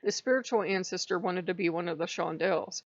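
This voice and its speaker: A spiritual vlogger tells a casual, rambling story, acting out remembered conversations in quotes. Her voice sits on the low side and runs a little fast, and the recording is dry, dull, and lo-fi.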